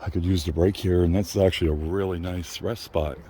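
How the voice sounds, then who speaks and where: On an outdoor park trail, an older man records a casual walking vlog, out of breath and panting between phrases. He's chatty and apologetic and laughs often, his low, dark, steady voice moving briskly over a little hiss or hum.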